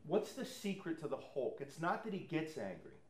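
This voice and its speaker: Very animated and on the high side, a man preaches at normal speed amid slight background noise in an echoey room. He's a pastor giving a sermon testimony, recounting personal stories conversationally and performing the quoted lines of others.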